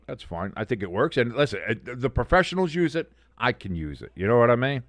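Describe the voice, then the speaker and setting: A man's voice: medium pitch, sing-song, brisk, hardly any pauses, dry recording. Casting: male streamer-host, rambling and profane, casual game calls, dry close sound. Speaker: watch-along streamer and host. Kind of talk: casual live game commentary.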